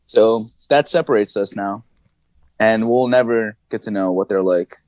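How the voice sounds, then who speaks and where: A man as a podcast guest, telling stories in casual chat, animated, laughing and swearing as he goes. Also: fairly low pitch, normal speed, no echo. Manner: animated, swings his voice up and down, laughs and swears often.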